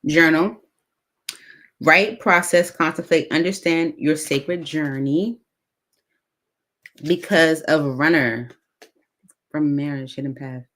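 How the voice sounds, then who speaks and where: A woman reading tarot cards aloud in a casual, chatty way, thinking out loud with many fillers. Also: sits low, fairly even intonation, slow, pauses often. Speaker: tarot reader.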